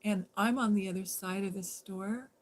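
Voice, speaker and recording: A woman hosting a livestream, telling a rambling, animated story in casual talk and acting out the lines of the people in it. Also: mid-range voice, moderate pace. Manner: animated, rambling, quotes others in dialogue. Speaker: livestream host.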